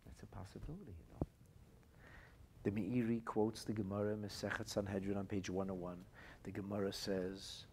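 A man giving a podcast Torah lecture, an expressive storyteller who moves from quiet to loud and weaves in Hebrew and Aramaic phrases. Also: lowish voice, a little hiss or hum. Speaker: Torah teacher.

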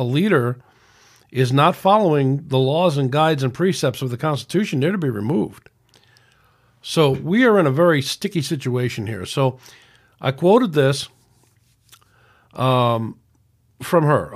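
A man in his sixties hosting a podcast, reading out messages and arguing back in a solo opinion monologue. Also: medium pitch. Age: 60s. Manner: reads out messages and argues back, frequent restarts. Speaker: podcast host.

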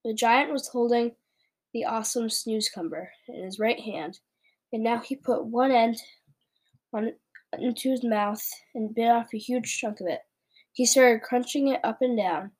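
A woman reading a children's story aloud at a brisk clip, her voice a little on the high side. She now and then trips over a word and carries straight on. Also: a little mellow, breathy edge. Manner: brisk, lightly stumbling read-aloud.

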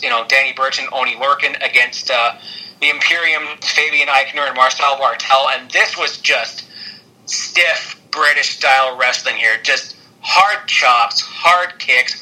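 A man's voice: medium pitch, measured pace, sharp tone, poor audio. A man casually recapping wrestling on a podcast, rambling with lots of fillers and frequent laughs. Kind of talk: casual chat.

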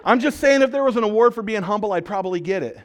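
This preacher is a high-pitched, fast talker who fills his sermon with storytelling and jokes. He acts out quotes with plenty of animation.

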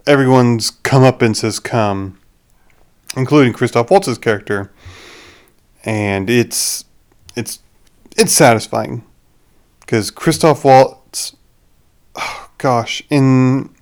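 Rambling young man reviewing a movie. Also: medium pitch. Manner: rambling, with restarts and laughs. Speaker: podcast host.

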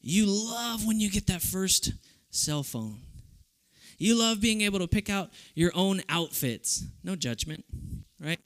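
A man from South Texas preaching to young people, animated and humorous, acting out voices in his stories. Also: sits high, measured pace. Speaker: youth camp speaker. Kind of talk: youth sermon with storytelling.

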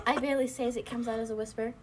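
A woman's voice: on the high side, steady tone, rapid-fire, crowd noise. A young woman reading her own old story aloud for laughs, often breaking into giggles. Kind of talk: comedic dramatic reading with laughter.

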